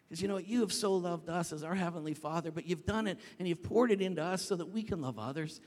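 Male pastor, lively storyteller with some shouting, slightly high voice, large reverberant sanctuary. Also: quick pace. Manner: animated storytelling, rising to shouts when reenacting. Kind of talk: sermon. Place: church sanctuary. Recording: long reverb of a large hall.

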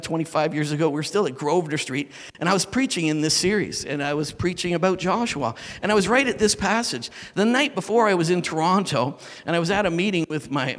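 A middle-aged male pastor preaching a sermon and telling a story, moving between loud proclaiming and hushed intensity. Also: on the high side. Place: church sanctuary. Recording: long reverb of a church hall.

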